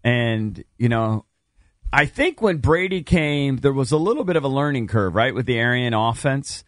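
A man's voice: medium pitch, normal speed, no echo, studio quality. A man chatting casually about football as a show host, talking over others. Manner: animated, talks over others. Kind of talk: casual sports chat.

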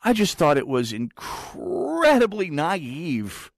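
Animated, sarcastic male talk radio host. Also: on the high side, slow pace, vocal fry, no echo. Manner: animated, sarcastic, rambling with frequent restarts. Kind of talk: political talk radio monologue.

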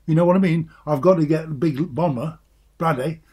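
An older man, a former footballer reminiscing in casual chat, telling stories in an animated way with repeated words. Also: fairly high pitch, fairly quick, breathy edge.

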